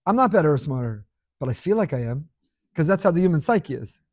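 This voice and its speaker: A man's voice: fairly high pitch, very animated, fast talker, darkish tone, dry recording, studio quality. A middle-aged man giving an emphatic sermon, repeating key words and asking rhetorical questions.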